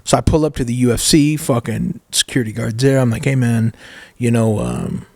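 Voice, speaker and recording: A man's voice: medium pitch, fairly quick, gravelly, dry recording, clean studio sound. A man in his thirties, a podcast guest telling a story in a casual, rambling way with lots of swearing and filler words. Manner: profane, rambling, with many fillers.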